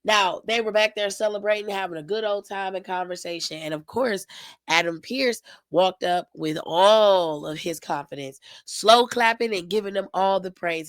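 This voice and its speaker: A woman's voice: medium pitch, moderate pace, no room sound, poor audio. A woman hosting her own wrestling recap show, talking sassy and gossipy in a slangy way with lots of asides to her viewers. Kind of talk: casual recap commentary to camera.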